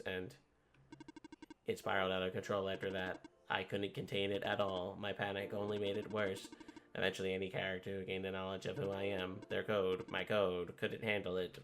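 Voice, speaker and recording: A man voicing an apologetic computer program that runs a game world, explaining itself in an earnest, halting way. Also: low voice, a bit bright, a little hiss or hum.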